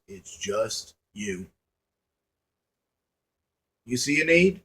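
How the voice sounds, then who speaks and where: A man working as an online commentator sermonizes to his audience in a folksy, emphatic motivational monologue, circling back to the same lines and asking rhetorical questions. He has a husky mid-range voice and talks a little slowly.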